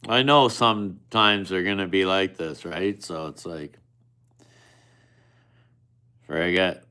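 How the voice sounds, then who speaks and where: A man's voice: low voice, slow pace, sharp tone, clean tone. A man chatting casually with viewers on a live stream, teasing and swearing at them in an offhand way.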